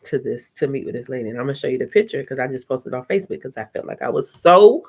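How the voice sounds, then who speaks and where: Frank, animated woman telling stories. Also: rumbling low, fast talker, slightly rough. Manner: animated, acts out her own quoted reactions; frank and salty, with slangy talk. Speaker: vlogger hosting a live chat. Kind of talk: casual live-stream storytelling.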